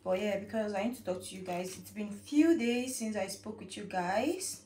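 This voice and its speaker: A young woman vlogging casually from her home kitchen into a phone, telling a story in an animated, repetitive way. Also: mid-range voice, moderate pace. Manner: chatty, animated storytelling, repeats herself. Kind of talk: casual vlog chat. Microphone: phone camera. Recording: echoey room, mic at a distance.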